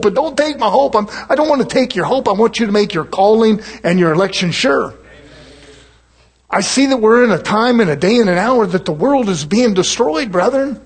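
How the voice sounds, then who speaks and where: Man preaching, husky and fairly high-voiced, chatty and folksy with acted quotes. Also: animated, moderate pace. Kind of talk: sermon.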